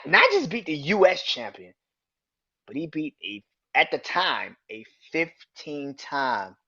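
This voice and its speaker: A young man hosting a podcast in a loose, profane rant, with bursts of loud excitement and frequent laughter. His voice sits at an ordinary middle pitch. The recording is a little dull and muffled. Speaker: podcast host. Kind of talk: casual wrestling podcast rant.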